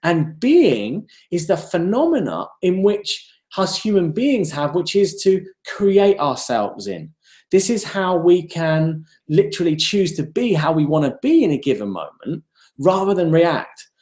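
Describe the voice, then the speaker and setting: Male self-development speaker, lively storyteller, rhetorical questions, echoey room. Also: fairly high pitch, measured pace. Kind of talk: live online talk.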